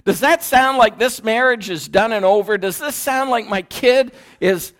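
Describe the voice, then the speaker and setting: A man's voice: sits high, normal speed, a bit bright. A man preaching a sermon in a church, emphatic and repetitive, calling the congregation to repeat after him. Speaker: pastor.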